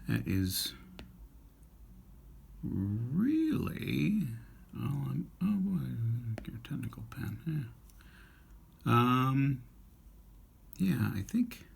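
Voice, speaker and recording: A man's voice: medium pitch, vocal fry, darkish tone, breathy edge. A man drawing on camera, talking to himself in mumbled, half-whispered asides. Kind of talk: casual drawing commentary.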